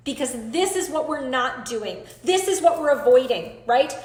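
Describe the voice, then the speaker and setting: A woman's voice: high-pitched, animated, a little slow, hardly any pauses, echoey room. A woman in her thirties leading a live online coaching class, earnest and emphatic as she talks straight to the group.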